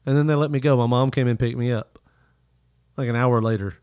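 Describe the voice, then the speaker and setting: A man telling childhood stories in casual chat, animated and profane, putting on voices for the people in them. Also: mid-range voice, fairly quick, clear, resonant tone, dry recording, studio quality.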